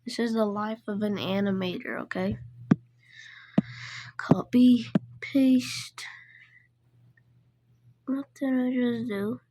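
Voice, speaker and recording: A woman's voice: mid-range voice, normal speed, hardly any pauses, background noise. A woman animator giving casual commentary while working, muttering to herself and counting in a half-whisper.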